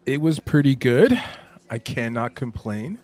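A man's voice: medium pitch, big pitch swings, unhurried, a little mellow. Laid-back man with faint music behind. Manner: laid-back, hesitant, chuckling. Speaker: co-host. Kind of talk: casual chat.

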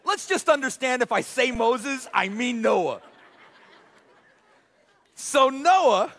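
A man preaching a sermon as pastor, animated, often stumbling over his words and restarting. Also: extremely high pitch, slow, long pauses. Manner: animated, self-correcting preacher with frequent restarts.

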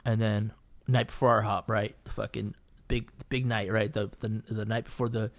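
A man's voice: on the low side, flat delivery, moderate pace, creaky. A man, a painter and podcast guest, telling a story in casual chat, swearing freely and rambling through fillers and restarts.

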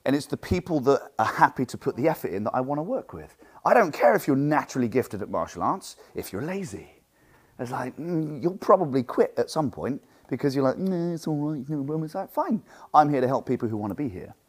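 A martial arts instructor gives an animated teaching talk to fellow instructors, acting out what students and teachers say. His mid-range voice is fairly quick with a breathy edge, projected loudly from the diaphragm.

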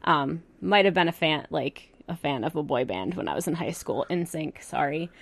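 A woman's voice: low voice, expressive, moderate pace, vocal fry, no room sound. A woman in casual chat, rambling with lots of fillers.

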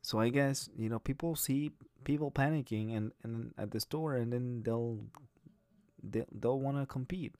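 A man with a mellow, mid-range voice and a normal pace hosts a solo podcast with no room sound. He talks bluntly and profanely, rambling and restarting his sentences often, in a casual monologue.

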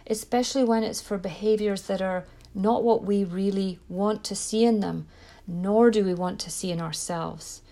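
A woman's voice: medium pitch, dark tone. A woman giving parenting advice in an earnest, reflective way. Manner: earnest, reflective, with small restarts. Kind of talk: direct-to-camera parenting talk.

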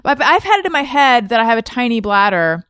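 A woman's voice: a little high, very animated, fast, fairly bright tone, clean tone, no echo, clean studio sound. A woman in her thirties hosting a podcast, chatty and laughing often, reading listener posts aloud. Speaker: podcast host. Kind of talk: casual chat.

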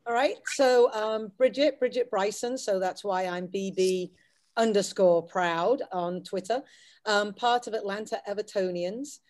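A middle-aged woman from the Wirral, England, an English teacher, is a guest on a podcast having a casual chat. Her mid-range voice is a little mellow and measured in pace, with a light Scouse accent touched by American. She comes across as chatty and self-deprecating, with lots of restarts.

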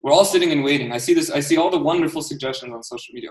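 A man's voice: fairly high pitch, racing, a little mellow, distant mic. A diaspora Armenian man, a guest entrepreneur in an interview, talking with passion and emphasis and often repeating words. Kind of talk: casual interview talk. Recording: roomy, off-mic sound.

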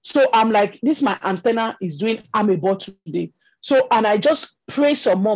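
A woman leads a teaching session over a video call. Her voice is gravelly and a little husky, and she keeps a loose, conversational flow dotted with "you know." She stays at a middling pitch throughout. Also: animated, moderate pace, darkish tone, rough recording. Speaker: prophetic ministry teacher.

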